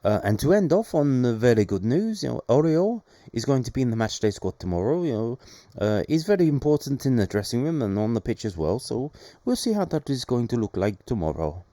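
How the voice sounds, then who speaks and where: A man reading out a football manager's team news in a put-on Swedish accent, halting and full of "you know". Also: medium pitch, big pitch swings, warm tone, dry recording, studio quality, natural voice. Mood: matter-of-fact.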